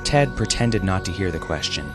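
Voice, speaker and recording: Casting: very deep-voiced male narrator, slow steady delivery, faint music under. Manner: measured, unhurried reading with voiced characters. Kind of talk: scripted story narration.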